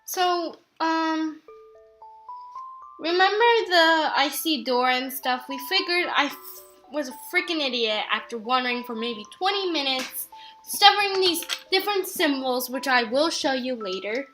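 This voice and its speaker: A young woman giving chatty, self-mocking commentary while playing a game, swinging between low mumbles and sudden loud outbursts. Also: animated, unhurried. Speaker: gaming YouTuber. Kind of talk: let's play commentary. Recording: faint game music behind.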